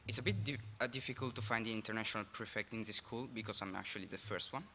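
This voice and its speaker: A teenage exchange student from Italy with an Italian accent, giving a halting, apologetic speech at a school assembly. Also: male voice, on the low side, bright, forceful tone, a little hiss or hum. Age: teens. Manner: nervous, halting, apologetic with laughs. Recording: reverberant hall, faint ambience.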